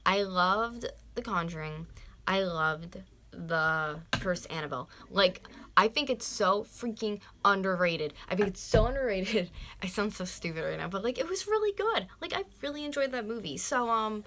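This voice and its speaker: Mid-range and expressive, her voice moves at normal speed and sounds pushed and bright, with a little hiss or hum in the recording. She's a North American vlogger in her twenties chatting casually on a live stream, ranting, cursing freely, using "like" often, and sometimes whispering.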